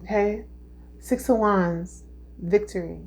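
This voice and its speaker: Speaking slowly in a darkish mid-range voice, a woman gives an earnest, heartfelt spiritual tarot reading. She repeats herself and keeps checking in with her listeners, and her delivery is emotional.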